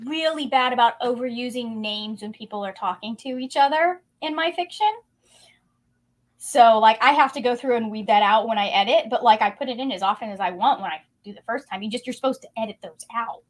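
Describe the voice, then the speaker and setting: A woman co-hosting a casual livestream, animated and laughing as she tells stories about books. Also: a little high, fairly quick. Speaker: co-host.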